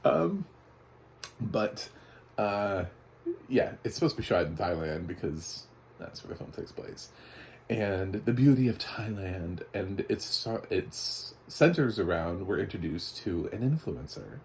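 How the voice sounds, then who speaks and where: Low-voiced guy rambling thru a movie review, laughs a lot, faint noise behind. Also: animated, measured pace, vocal fry, darkish tone. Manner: chatty, laughing, mock voices for quotes. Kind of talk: casual spoken review.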